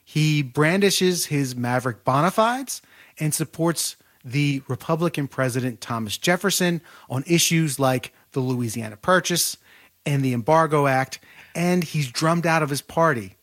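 A man's voice: on the high side, animated, measured pace, a bit bright. A man being interviewed as an author, telling a historical story in vivid, detailed bursts. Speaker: author guest. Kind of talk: podcast interview.

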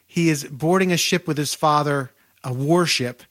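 Man telling history with animated detail. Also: fairly high pitch, normal speed. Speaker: author guest. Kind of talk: podcast interview.

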